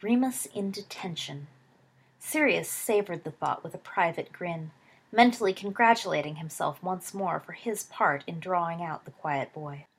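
Husky-voiced woman narrating a story. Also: lowish voice, normal speed.

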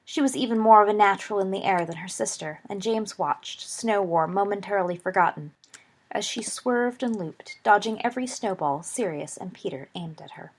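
A woman reading a story aloud in a steady, expressive narration. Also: medium pitch, normal speed, breathy edge. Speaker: audiobook reader.

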